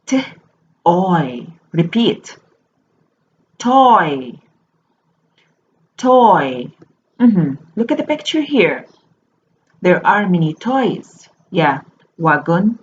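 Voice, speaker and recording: A woman teaching a slow phonics lesson to young children. She spells each word out letter by letter and repeats it. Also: on the low side, sing-song. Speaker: primary school teacher. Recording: dull lo-fi recording with faint noise.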